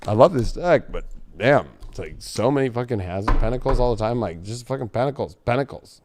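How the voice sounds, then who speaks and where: A man's voice: medium pitch, animated, quick pace. A man giving a live tarot reading from a studio, blunt and rambling, swearing often. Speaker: tarot reader.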